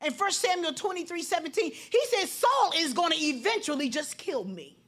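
A middle-aged woman pastor preaching a sermon with an impassioned, repetitive building cadence that rises to shouts. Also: very high voice, expressive, moderate pace.

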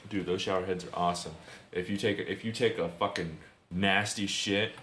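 A man's voice: low-pitched, fairly even intonation, moderate pace, fairly bright tone. A man co-hosting a podcast, chatting casually with crude jokes and frequent laughs. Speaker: podcast co-host. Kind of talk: casual chat. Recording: echoey room, faint noise.

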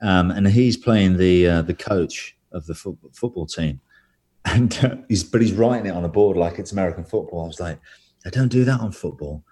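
A man's voice: low voice, normal speed, darkish tone. A man telling rambling, self-deprecating stories as a guest in a casual interview.

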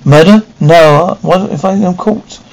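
A greedy young woman under a snake curse, pleading and stumbling over her words, read aloud by a man. The voice is gravelly and sits a little high. It sounds like an amateur horror storybook reading. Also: unhurried, a little mellow, poor audio. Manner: pleading, faltering.

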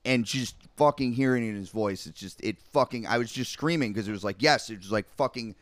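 A man's voice: mid-range voice, a little fast, no room sound. A young man on a podcast, rambling in casual chat with heavy swearing and lots of filler words. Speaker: podcast co-host.

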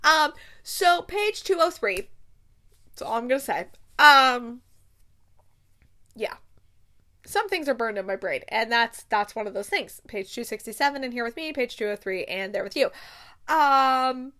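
A woman's voice: fairly high pitch, a little slow, pauses often. A young woman hosting a podcast, gushing casually about books she loves, with bursts of laughter and dramatic retellings. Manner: gushing, excitable, breaks into laughs and acted-out quotes. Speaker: podcast host. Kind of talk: casual book review chat.

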